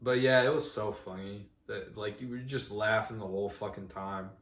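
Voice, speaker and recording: A man's voice: on the low side, fairly even intonation, normal speed, a bit bright. A young man co-hosting a podcast, telling a long story in a rambling, profane way full of "like". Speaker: podcast co-host. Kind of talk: casual chat, storytelling. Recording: roomy echo.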